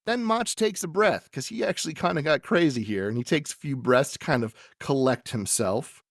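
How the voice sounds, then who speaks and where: A man co-hosting a casual podcast, recapping wrestling with an animated, laughing manner. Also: medium pitch, normal speed, few pauses, no room sound, studio quality. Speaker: podcast co-host.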